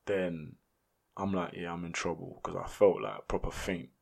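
A man, a podcast guest telling a story in casual, slangy, animated speech. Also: sits low, normal speed, gravelly.

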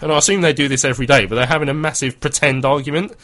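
A man's voice: medium pitch, very fast, a bit bright. A man in his thirties hosting a casual football chat, chatty and laughing often as he reads out listener messages. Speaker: football podcast host.

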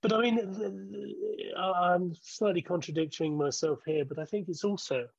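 A man in his sixties, a former broadcaster, talking as an interview guest in a measured way, thinking aloud and restarting sentences. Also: high voice, vocal fry, dry recording, highs cut off. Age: 60s. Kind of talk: conversational interview.

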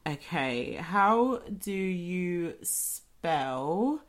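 A woman's voice: on the low side, animated, drawn-out words. A woman co-hosting a podcast in casual chat, giggly and chatty, full of fillers. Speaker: podcast co-host.

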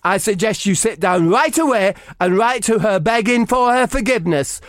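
A man's voice: sits high, lively intonation, normal speed, dry recording, clean studio sound, voice pushed up. A man voicing a fussy, preachy male football manager who lectures his players. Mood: lecturing. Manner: pompous, lecturing.

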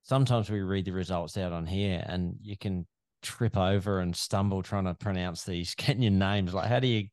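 A man hosting a podcast, asking relaxed questions and adding brief interjections. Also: sits low, normal speed, no echo, clean studio sound. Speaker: podcast host. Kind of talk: casual interview chat.

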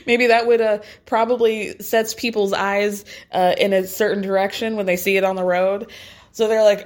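A chatty woman talking through a reality TV episode in a loose, casual way. She laughs often and leans on fillers like "like" and "you know." Her pitch sits right in the middle for a woman. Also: little pitch movement, a little slow. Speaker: reality TV recap commentator. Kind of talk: casual recap chat.

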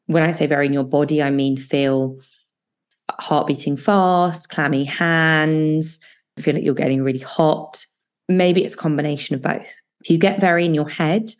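A woman with a low voice hosts a solo self-help podcast. She speaks as a coach, calm and reassuring. She slows right down to guide breathing exercises.

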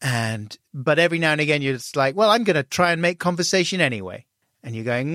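Middle-aged guest, candid and wry, lively when he quotes people, recorded dry. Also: on the high side, fast, no echo. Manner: self-deprecating, animated when acting out dialogue. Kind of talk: candid conversational storytelling.

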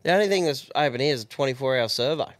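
Aussie co-host rambling along casually, dry close mic. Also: male voice, mid-range voice, lively intonation, racing, dry recording. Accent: Australian. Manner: easygoing, rambling chat. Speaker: podcast co-host. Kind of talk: casual chat.

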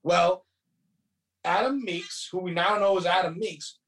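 A man's voice: sits high, steady tone, unhurried, a bit bright, recorded from a distance. A man casually retelling a movie plot, profane and rambling, quoting characters as he goes. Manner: profane, rambling storytelling with quoted voices. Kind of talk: casual movie recap chat.

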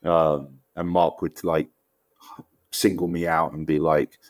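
A deep-voiced man with a London accent tells anecdotes on an interview podcast. He speaks casually and animatedly, slipping into quoted voices. The sound is dry and close. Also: slow pace, dry recording. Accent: London English. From England. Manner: animated storyteller, acts out quotes with jumps in pitch. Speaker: guest actor.

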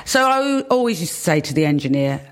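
A woman with a slightly low voice tells a story in a relaxed conversation. She talks in a lively way, often laughing as she goes. She speaks like a guest swapping anecdotes with a host. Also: fairly quick. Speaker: guest, former cabin crew. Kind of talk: casual storytelling chat.

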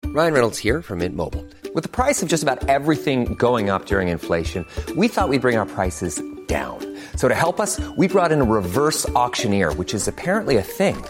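A man's voice: mid-range voice, very animated, a little fast, hardly any pauses. A man reading a radio ad as spokesman, with a dry, joking delivery. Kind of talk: scripted ad read. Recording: ad with music bed.

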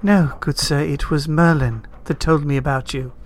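A man's voice: on the high side, fairly even intonation, normal speed, slight background noise, natural voice. A man reading a storybook, voicing a young fairy sorceress who speaks politely and demurely. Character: young woman, soft-spoken fairy sorceress.

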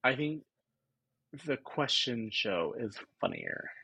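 A man's voice: medium pitch, huge pitch swings, slow pace, creaky, sharp tone, breathy edge, no room sound. A man co-hosting a podcast, casually recapping episode scenes and laughing as he quotes the characters. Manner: retells scenes with quoted lines, laughs often. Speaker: podcast co-host.

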